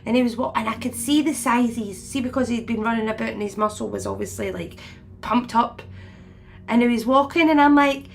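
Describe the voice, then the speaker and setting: A woman's voice: a little high, a little fast, creaky, soft background music. A woman in her forties chatting casually to viewers, rambling and laughing often as she retells conversations. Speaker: spiritual medium host.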